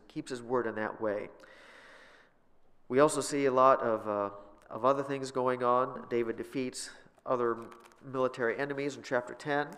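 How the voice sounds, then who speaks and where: A man's voice: medium pitch, big-room sound. A man teaching a Bible class, retelling scripture in a casual, conversational way, in a church.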